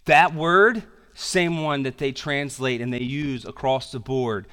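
A man delivering a sermon with a mid-range voice. He preaches with animated emphasis, then drops to a hushed intensity. His asides turn casual and slangy. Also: medium pitch, a little slow, smooth. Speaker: pastor.

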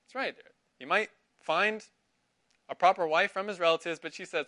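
Teaching Sunday school, this middle-aged man quizzes his students and confirms what they say in an interactive Bible lesson. His voice sits high and sounds sharp, and he talks at a normal speed.

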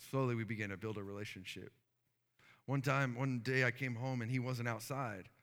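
Male pastor, earnest sermon storyteller, gravelly voice, long hall reverb. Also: medium pitch, fairly even intonation, brisk, a bit bright. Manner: storytelling, earnest, many fillers.

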